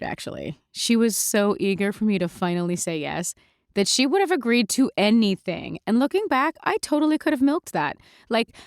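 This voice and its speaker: A woman telling an audio story in the first person, chatty and sarcastic, scattering "like" through her sentences. Her pitch leaps around expressively, and the recording is dry and close with no room sound. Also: no room sound. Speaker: narrator.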